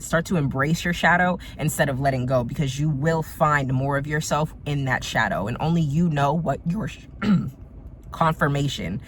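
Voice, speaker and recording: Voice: medium pitch, moderate pace, a bit bright, slight background noise. Emphatic tarot reader addressing the viewer. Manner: emphatic, repetitive, talks straight to the viewer. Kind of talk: casual spiritual tarot reading.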